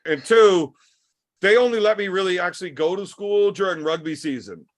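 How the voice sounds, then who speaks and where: Crude storytelling man, higher voice. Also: moderate pace. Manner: crude, swearing, laid-back storytelling. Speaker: podcast host. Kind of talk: casual storytelling chat.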